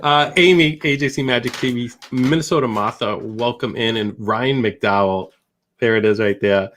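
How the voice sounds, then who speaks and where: Man, Boston accent, live-stream host, jokey, rambling, middle pitch. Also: moderate pace, fairly bright tone, slight background noise. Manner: joking, rambling, many restarts. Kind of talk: casual live-stream chat.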